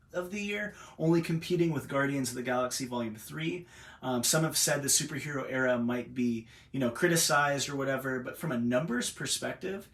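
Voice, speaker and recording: A man's voice: mid-range voice, fairly bright tone. Chatty man giving frank film picks. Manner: chatty and frank, with laughs and fillers. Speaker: bookstore owner reviewing films. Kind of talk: casual video review.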